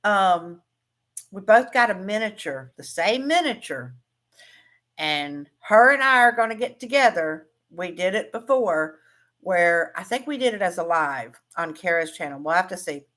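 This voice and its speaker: Chatty woman with a lower voice. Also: expressive, a little slow, fairly bright tone. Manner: chatty, laughs often, trails off and restarts. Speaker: craft livestream host and teacher. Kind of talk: casual livestream chat reading comments.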